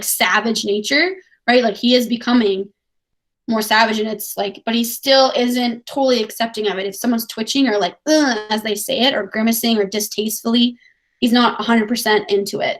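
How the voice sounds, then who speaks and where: A woman English teacher reading from a novel and explaining it to her students in a casual, chatty way, full of "like" fillers. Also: fairly high pitch.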